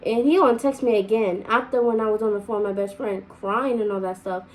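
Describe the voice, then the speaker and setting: A woman's voice: medium pitch, brisk, a little mellow, poor audio. A young woman telling a personal story casually, rambling with many repeats and restarts. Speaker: vlogger.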